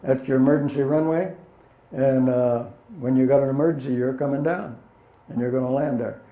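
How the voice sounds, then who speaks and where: An older man spins folksy, plainspoken stories for a room of listeners, his voice mellow and warm. He chuckles at his own punchlines, and the sound carries a roomy hall echo. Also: medium pitch, fairly even intonation, a little fast. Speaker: guest speaker, former pilot. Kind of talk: anecdotal talk to an audience. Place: meeting hall.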